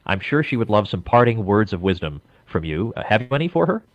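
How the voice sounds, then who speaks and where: A man's voice: on the low side, big pitch swings, fast talker, no echo. A man interviewing a musician, chatting with personal anecdotes before asking his questions. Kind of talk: radio-style interview questions.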